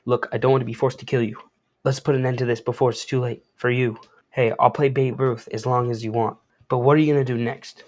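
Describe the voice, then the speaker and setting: Gray Hulk, a man reading huge calm brute, dry wisecracks, comic dialogue read aloud. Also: medium pitch, a little fast, close to an everyday voice. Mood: mocking.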